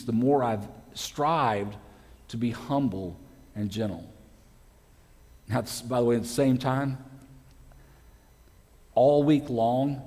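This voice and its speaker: A man, a pastor, preaching a lively sermon in a church sanctuary and acting out the voices of people he quotes. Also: medium pitch. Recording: long hall reverb.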